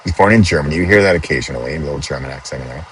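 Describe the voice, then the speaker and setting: A man hosting a podcast, talking casually from a car on a highway and thinking aloud with frequent restarts. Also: expressive, rapid-fire, slight background noise, low-quality recording. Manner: chatty, thinks aloud with restarts and self-corrections. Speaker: podcast host. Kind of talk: casual spoken reflection.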